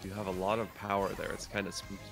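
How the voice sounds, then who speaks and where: A man playing a card game against a friend, relaxed and teasing with short reactions. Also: low-pitched, fast talker, gravelly, over music. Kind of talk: casual gameplay chat.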